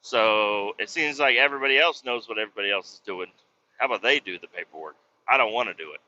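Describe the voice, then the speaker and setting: A man's voice: lowish voice, quick pace, sharp tone, lo-fi sound. A man in his thirties hosting a solo podcast, ranting casually and profanely in a rambling, exasperated way. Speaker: podcast host.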